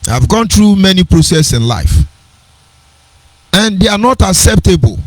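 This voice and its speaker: A man's voice: sits high, very animated, moderate pace, dry recording, poor audio. A middle-aged man with a Nigerian accent, giving an earnest personal storytelling talk on a radio program, digressive and with sing-song emphasis.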